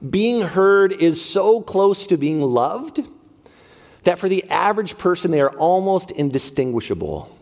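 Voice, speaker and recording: A pastor preaching a sermon, lively and talking straight to his congregation during a church service. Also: sits high, a little slow. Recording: long reverb of a large hall.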